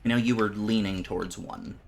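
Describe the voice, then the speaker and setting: A man's voice: lowish voice, steady tone, fairly quick, vocal fry, a little hiss or hum. A man streaming live, chatting casually with his viewers in a rambling way, often stumbling and repeating words.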